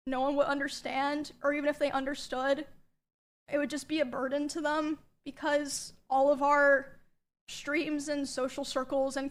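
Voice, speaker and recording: A young woman quietly recounting a painful past experience, hesitant, with many pauses. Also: sits high. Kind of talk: personal account of a painful past.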